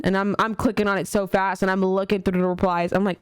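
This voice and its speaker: A woman's voice: mid-range voice, fairly even intonation, fast talker, clean tone, dry recording. A woman streamer reacting casually, with blunt, joking remarks.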